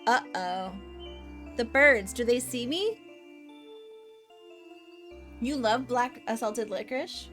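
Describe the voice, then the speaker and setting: A woman's voice: on the high side, lively intonation, takes it slowly, long pauses, a bit bright, soft background music. A woman from the Netherlands chatting casually as she streams a game, bubbly and talkative while reading chat aloud. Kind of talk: casual gameplay commentary.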